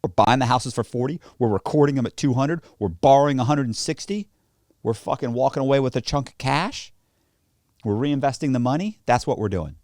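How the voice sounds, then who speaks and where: A man's voice: medium pitch, brisk, dry recording, studio quality. A man, a guest on a podcast, telling stories casually and with animation, often swearing. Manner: animated, profane, acts out the voices of others in his stories. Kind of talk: casual storytelling in a podcast interview. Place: podcast studio.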